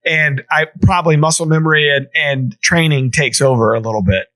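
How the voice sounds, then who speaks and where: A man's voice: a little high, brisk, sharp tone. A man hosting a podcast, giving short reactions and asking follow-up questions. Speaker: podcast host. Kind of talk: casual chat.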